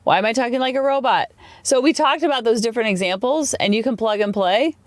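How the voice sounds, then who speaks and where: A woman's voice: fairly high pitch, fast, no room sound. A woman in her forties hosting a solo podcast, telling candid stories about her family life in a chatty, open way. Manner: chatty, candid, animated storytelling. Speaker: podcast host. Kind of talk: casual solo podcast monologue.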